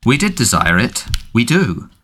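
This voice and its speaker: A man reading an audiobook, voicing a frightened male nobleman who answers in a hoarse, halting near-whisper. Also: medium pitch, wildly swooping pitch, bright, forceful tone, a little hiss or hum, heavily acted. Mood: fearful.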